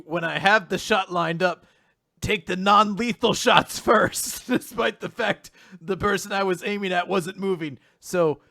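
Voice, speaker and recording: A man co-hosting a casual manga recap podcast, animated, laughing often and acting out characters' lines. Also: sits high, vocal fry, dry recording, clean studio sound. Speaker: podcast co-host.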